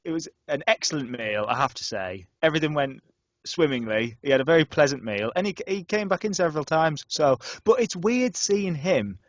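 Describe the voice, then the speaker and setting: Animated young man. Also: brisk, no room sound, highs cut off. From North Yorkshire, England. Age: young adult. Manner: animated storyteller, restarts and stammers, lively pitch jumps. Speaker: podcast co-host. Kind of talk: casual student radio chat.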